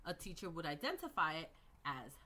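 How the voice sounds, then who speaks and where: A woman teaching early reading skills, slowly modelling words and sounds with patient explanations. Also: sits low, sing-song, sharp tone. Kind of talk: instructional lecture.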